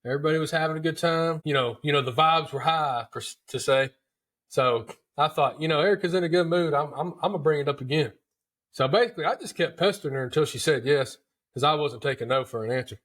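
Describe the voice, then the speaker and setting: A man's voice: fairly high pitch, quick pace, a bit bright. Folksy man telling a story. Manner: chatty, folksy, repeats words and calls listeners dude. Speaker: podcast host. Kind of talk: casual storytelling.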